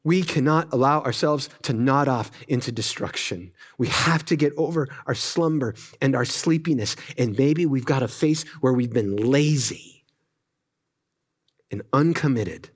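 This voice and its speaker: A middle-aged male pastor preaching a sermon in an earnest, conversational way, often repeating words and adding quick asides. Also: medium pitch.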